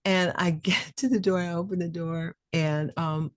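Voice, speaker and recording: A middle-aged woman with a fairly low voice tells a personal story on a podcast. She talks casually and with feeling, and acts out the people she quotes. Her voice sounds close and dry, with no room echo. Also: fairly even intonation, moderate pace. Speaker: podcast co-host.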